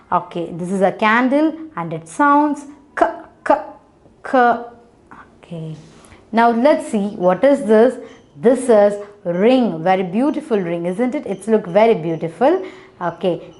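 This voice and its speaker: A young woman with an Indian English accent teaching phonics to children, slowly repeating letter sounds and praising them. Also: mid-range voice, darkish tone. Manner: slow, coaxing, repeats sounds.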